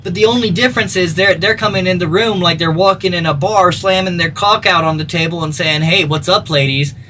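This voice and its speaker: A man's voice: high voice, fairly quick, sharp tone, distant mic, slight background noise. A man in his thirties chatting casually as a gaming streamer, rambling, blunt and profane. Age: 30s. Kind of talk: casual off-the-cuff chat. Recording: voice a little off-mic with faint music. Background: faint music.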